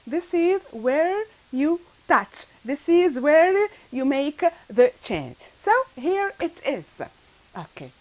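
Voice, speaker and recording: A woman's voice: high voice, sing-song, slow pace, poor audio. A woman teaching an English grammar lesson to her pupils. She stresses key words, repeats them, and checks in often with "all right" and "okay.".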